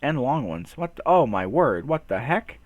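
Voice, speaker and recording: A man's voice: medium pitch, big pitch swings, moderate pace, dry recording, lo-fi sound. A man hosting a casual vlog, playfully trying tongue twisters, stumbling, swearing and laughing at himself. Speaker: channel host.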